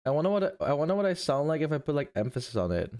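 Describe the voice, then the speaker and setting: A tired man streaming live, chatting casually in a playful, rambling way with a slight rasp. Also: fairly high pitch, very animated, rapid-fire, a little mellow. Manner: playful, rambling, with many restarts.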